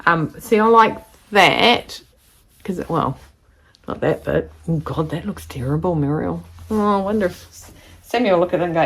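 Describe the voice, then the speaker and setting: A woman chatting casually to camera from her home sewing studio, rambling and excitable as she shows her makes. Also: lowish voice, normal speed. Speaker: sewing vlogger.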